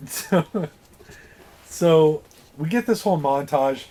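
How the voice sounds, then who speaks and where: A man co-hosting a casual movie review show, retelling the plot in a lively way with swearing and acted-out quotes. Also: fairly high pitch, slow pace. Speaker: podcast co-host.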